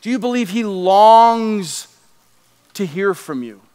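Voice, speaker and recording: A man preaching a sermon as pastor, conversational and animated, dropping to a hushed tone in prayer. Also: high voice, slow, clean tone. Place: church sanctuary. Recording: long hall reverb.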